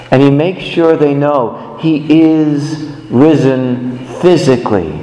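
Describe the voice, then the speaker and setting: A man preaching a sermon, telling the story in an animated way with big swings in pitch. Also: takes it slowly, reverberant, in a large hall, poor audio.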